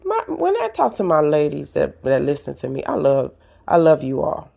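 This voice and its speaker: Animated woman giving advice, gravelly voice. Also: deep voice, moderate pace. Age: older. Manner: animated, preachy, addresses listeners directly. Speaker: podcast host. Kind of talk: casual advice talk.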